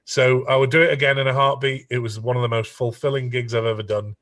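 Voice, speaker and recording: A middle-aged songwriter telling an animated story, often stumbling over and repeating his words. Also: mid-range voice, quick pace, far from the mic. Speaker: songwriter guest.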